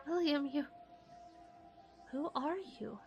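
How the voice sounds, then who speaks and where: A woman voicing a grieving ghost mother, speaking softly and mournfully, pleading with a faint quaver. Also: high-pitched, lively intonation, takes it slowly, dull audio, music in the background, full character voice.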